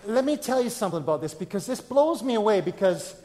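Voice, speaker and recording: A man, preaching a sermon to a congregation in a relaxed, conversational way, often asking them questions. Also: high voice, fast. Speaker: pastor. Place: church, in front of a congregation.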